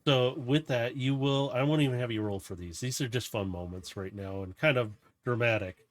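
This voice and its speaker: A man's voice: mid-range voice, a little fast. A man narrating as game master of a tabletop game, loose and rambling with restarts.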